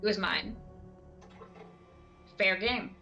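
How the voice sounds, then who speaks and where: A woman's voice: medium pitch, extremely slow, creaky, bright, forceful tone, soft background music, pitched below the performer's own voice, full character voice. A woman voicing a stubborn, bossy old female dachshund who speaks smugly and without remorse. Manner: smug, unrepentant.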